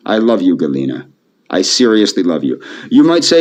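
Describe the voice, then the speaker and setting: A man speaking softly to camera in a pleading, repetitive, emotionally flat way. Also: on the low side, a little fast. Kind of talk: pleading video monologue. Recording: dull lo-fi video audio.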